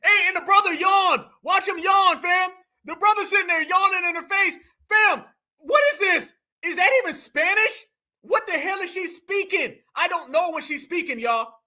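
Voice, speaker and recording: A man's voice: very high voice, moderate pace, pushed and bright. An American man hosting a live stream, giving incredulous, slangy and mocking reaction commentary. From United States.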